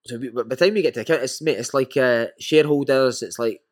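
A man with a Scottish accent, a former footballer and podcast guest, telling lively stories and calling the listener "mate". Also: mid-range voice, fast talker. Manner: animated anecdotes with frequent "mate". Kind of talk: casual storytelling.

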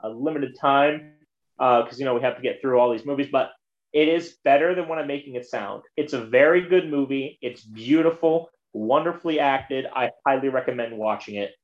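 A man's voice: medium pitch, moderate pace, lo-fi sound. A man in a casual movie chat, rambling as he retells scenes and slips into quoted voices.

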